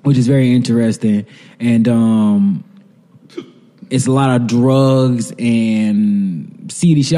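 A man's voice: medium pitch, mellow, in a large hall. A man co-hosting a podcast, retelling a TV episode in loose, profane, laughing casual chat. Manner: profane, rambling, laughs while retelling scenes. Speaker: podcast co-host.

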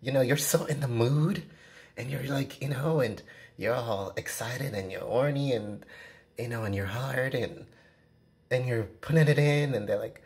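A woman's voice: a bass voice, measured pace, a little mellow. Picture a woman sitting in her apartment, talking close to the camera in an unscripted vlog. She rambles, circles back on herself, and leans on "you know" constantly, speaking frankly and without polish. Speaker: vlogger. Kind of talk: casual vlog rant to camera. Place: own apartment, indoors. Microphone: camera at close range.

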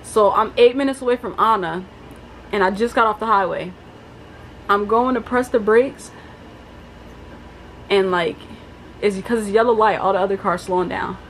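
A young woman telling a story in a casual vlog, chatty and animated, with lots of fillers. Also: mid-range voice, moderate pace, long pauses, low-quality recording. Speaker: vlogger. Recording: faint background noise.

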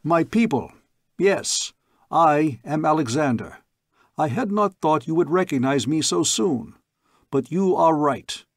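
A man's voice: on the high side, lively intonation, a little slow, dry recording, studio quality, pitched above the performer's own voice. A man voicing a commanding man who proclaims himself the rightful king, declaiming in a raised voice. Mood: proclaiming.

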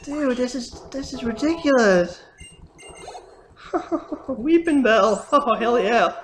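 A young gamer giving live commentary on a challenge run at home, dropping from low muttering to loud cursing outbursts. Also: animated, slow pace, long pauses. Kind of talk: live let's-play commentary. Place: home room. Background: faint noise, dogs at times.

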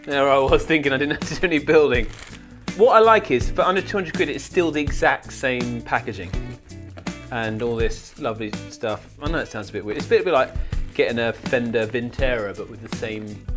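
A man's voice: medium pitch, brisk, over music. A man presenting a casual unboxing demo for a shop, chatty and jokey, with asides to a colleague off camera. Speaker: retailer product demo presenter.

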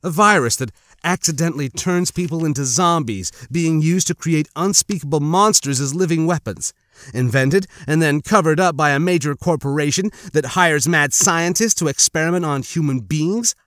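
A man narrating an audiobook in a steady, even storytelling manner. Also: on the high side, moderate pace, no echo, studio quality. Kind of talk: scripted narration.

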